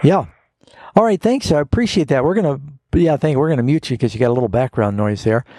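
Male pastor-host, gravelly and husky, dry close sound; patient folksy explainer on call-in radio. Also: mid-range voice, quick pace, dark tone, no room sound. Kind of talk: call-in Bible answers.

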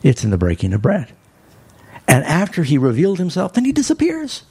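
A man preaching a sermon, telling a story with animated bursts of emphasis. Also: on the high side, a little fast, husky.

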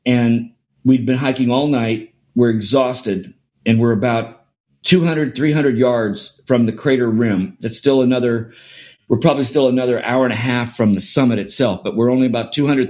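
A middle-aged man with a medium-pitched, slightly mellow voice appears as an interview guest; he's a sport performance scientist. He tells a story earnestly, repeating phrases to stress his points.

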